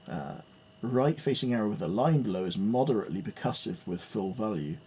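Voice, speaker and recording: Guy mumbling thru piano theory, low gravelly voice, slow, faint hiss behind. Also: animated. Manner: hesitant, reads notes aloud and muses with fillers. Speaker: piano learner. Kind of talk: thinking aloud while studying music theory.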